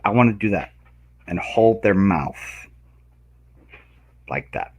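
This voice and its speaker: A man in casual chat who tells animated stories, acting out voices and laughing loudly. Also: low voice, slow pace, vocal fry, slightly rough, highs cut off. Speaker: guest.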